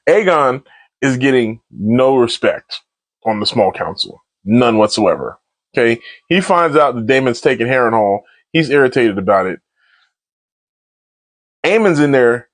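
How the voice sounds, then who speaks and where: A man's voice: mid-range voice, a little slow, pauses often, no echo. A man runs through a TV episode recap in loose, slangy talk, full of energy. His voice sits in a mid range. The recording is dry and close, with no room sound. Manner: slangy, animated, laughs often. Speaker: TV episode reviewer. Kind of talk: casual spoiler recap.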